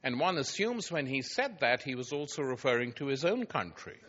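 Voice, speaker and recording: A man's voice: medium pitch, very animated, normal speed, dull audio, very noisy. A man giving a public lecture before an audience, telling anecdotes with wry, dry irony.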